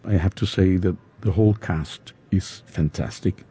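A man with a Spanish accent, an opera singer interviewed in English, his second language, pausing often to search for words. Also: sits low, mellow, slightly rough, no room sound. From Spain. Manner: halting, searching for words with fillers.

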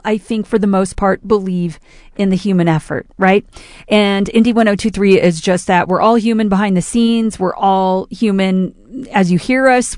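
A woman's voice: medium pitch, a little mellow, no echo, studio quality. A woman radio DJ making an informal, earnest on-air appeal for donations.

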